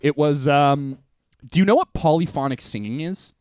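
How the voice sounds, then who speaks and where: A man's voice: on the high side, moderate pace, a little mellow, clean tone, no echo, studio quality. A young man co-hosting a podcast in casual, jokey banter, swearing freely and slipping into silly voices. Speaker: podcast co-host.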